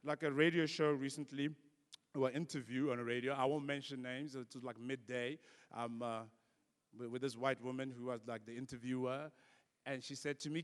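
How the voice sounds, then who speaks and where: A young South African man doing animated stand-up comedy, telling stories and acting out other people's voices. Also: medium pitch, moderate pace. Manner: animated storytelling that acts out voices. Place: large conference hall. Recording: long hall reverb.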